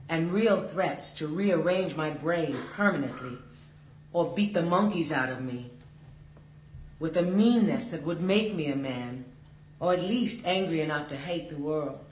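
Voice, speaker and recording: Slow, measured man reading his prose. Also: on the high side. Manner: slow, measured, deliberate delivery. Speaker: author reading his work. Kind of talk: literary reading. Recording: roomy recording with faint hum.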